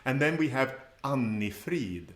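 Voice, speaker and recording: Male language teacher, slow and patient, repeats each sound, roomy echo. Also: medium pitch, lively intonation. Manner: models sounds slowly and repeats them. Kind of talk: pronunciation lesson.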